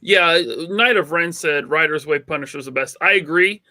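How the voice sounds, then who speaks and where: A man's voice: fairly high pitch, normal speed, sharp tone, dry recording. A man co-hosting a casual podcast, opinionated and teasing, with lots of fillers. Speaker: podcast co-host. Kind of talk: casual chat.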